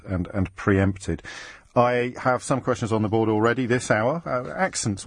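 A man hosting a live radio phone-in show, bantering quickly and teasingly with callers. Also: deep voice, dry recording, clean studio sound. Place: radio studio. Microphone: studio microphone.

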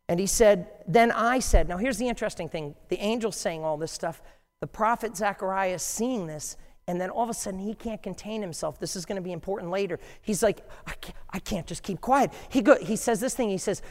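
A man preaching a sermon, animated and jokey, acting out voices from scripture. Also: high-pitched, a little fast. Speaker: pastor. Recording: long hall reverb.

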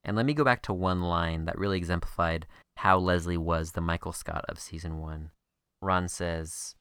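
A woman co-hosting a podcast, chatting casually with a wry, skeptical edge. Her voice sits very low for a woman. The sound is dry and close, with no room to it. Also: fairly even intonation, fairly bright tone, clean tone, dry recording. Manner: wry, skeptical, fast recaps. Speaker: podcast co-host. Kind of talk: casual chat.

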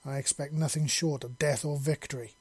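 A man's voice: on the high side, steady tone, fairly quick, breathy edge, no room sound. A man playing a stern female commander. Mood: commanding. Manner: commanding, clipped orders.

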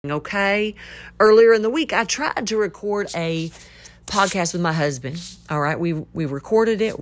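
A young woman hosting a casual faith podcast, excitable and animated, sometimes shouting with enthusiasm. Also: mid-range voice. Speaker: podcast host.

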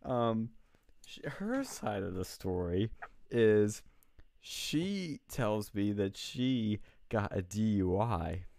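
A man's voice: lowish voice, lively intonation, takes it slowly, creaky, a little mellow, no room sound. A young man hosting a casual chat show, telling a story with lots of swearing and laughter.

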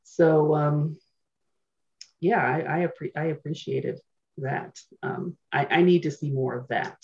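A woman's voice: low voice, fairly even intonation, slow, a little mellow. A woman co-hosting a podcast in casual chat, frank and playful, often poking fun at herself. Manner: frank, playful, self-mocking. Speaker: podcast co-host. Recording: dull lo-fi sound.

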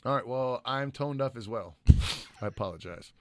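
A man's voice: medium pitch, animated, normal speed, a bit bright, no room sound, studio quality. A man co-hosting a podcast, reading listener messages in casual, profane banter and laughing often. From United States. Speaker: podcast co-host.

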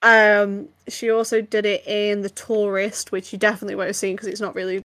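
A young English woman co-hosting a podcast in casual chat, bubbly and quick to laugh, wandering off on tangents. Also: medium pitch, flat delivery, fairly bright tone. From England. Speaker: podcast co-host.

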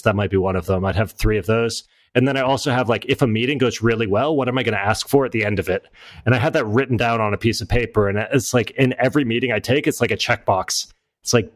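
A man being interviewed as an entrepreneur, telling stories casually and acting out quoted dialogue in a lively way. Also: dry recording. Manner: animated, acts out quoted dialogue with raised pitch. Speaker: entrepreneur guest.

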